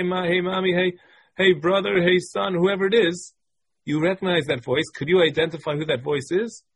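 Husky man teaching a Talmud class. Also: on the high side. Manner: explains step by step, repeats phrases, reads Hebrew and Aramaic text and translates. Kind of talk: text-based Talmud class.

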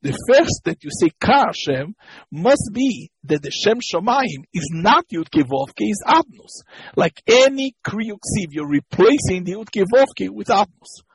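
A man's voice: high-pitched, very animated, measured pace, creaky, slightly rough, rough recording. A man teaching a lesson on Hebrew grammar. He explains step by step, repeats key points, and stops to search for words. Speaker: Torah teacher.

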